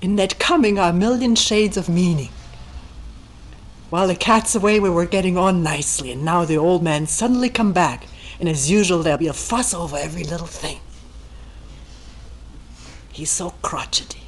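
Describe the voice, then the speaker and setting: A woman meditation teacher giving a calm, thoughtful talk, reading a text aloud and commenting on it. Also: moderate pace, pauses often, slight background noise, rough recording. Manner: calm and thoughtful, acting out quoted voices with raised pitch. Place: retreat meeting room.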